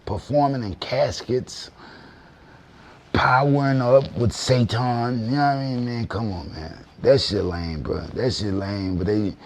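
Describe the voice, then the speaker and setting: A man ranting bluntly in heavy street slang, his voice sitting at a middling pitch. He cusses freely and keeps circling back with "you know what I mean." The talk is loose and combative. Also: measured pace, a little mellow, slight background noise. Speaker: commentator in a viral clip. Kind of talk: unfiltered rant.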